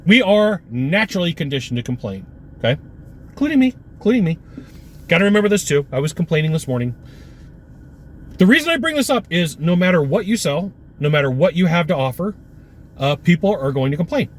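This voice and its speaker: A man giving an energetic, punchy sales coaching talk with lots of repetition. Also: on the high side, brisk.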